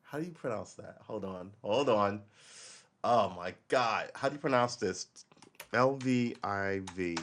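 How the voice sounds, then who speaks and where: A man's voice: lowish voice, measured pace, a bit bright. A man from Brooklyn, hosting a casual political livestream. He talks in a loose, rambling, profane way. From Brooklyn, New York. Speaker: livestream host.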